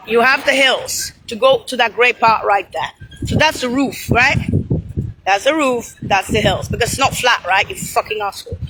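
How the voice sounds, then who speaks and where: Angry high-voiced woman ranting. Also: heavy background noise. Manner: profane, insulting, rambling and disjointed; points at something on screen while talking.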